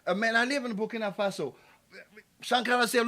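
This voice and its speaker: A man's voice: extremely high pitch, fairly even intonation, fairly quick, sharp tone. A man from Ivory Coast, giving an impassioned tribute speech at a community event and building to emphatic, repeated calls. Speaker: community speaker. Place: small cafe event space.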